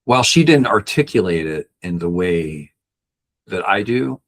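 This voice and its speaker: A man's voice: big pitch swings, a little slow. A middle-aged man, a podcast guest, telling a personal story earnestly and acting out the people he quotes. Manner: earnest, acts out quoted people with raised pitch.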